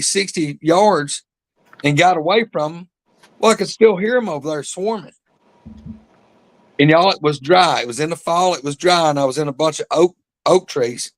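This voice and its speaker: This podcast host's voice sits high and a bit bright, with no echo. Speaking like a drawling rural storyteller, he spins a long, meandering tale in casual conversation and calls his listeners y'all.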